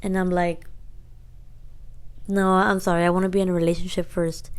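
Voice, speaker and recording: A woman's voice: fairly low pitch, level tone, normal speed, clean tone. A woman in her twenties telling a story in casual, slangy talk, re-enacting dialogue as she goes. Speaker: podcast co-host.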